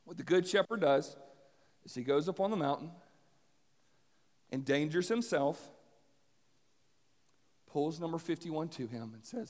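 A man preaching a sermon, telling a parable in an animated, dramatic way that swings from loud to hushed. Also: on the high side, unhurried, long pauses, big-room sound. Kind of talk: sermon storytelling.

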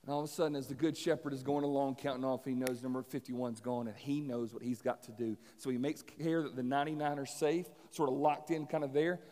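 A man preaching a sermon, telling a parable in an animated, dramatic way that swings from loud to hushed. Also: mid-range voice, fairly quick, few pauses, long reverb tail. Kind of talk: sermon storytelling.

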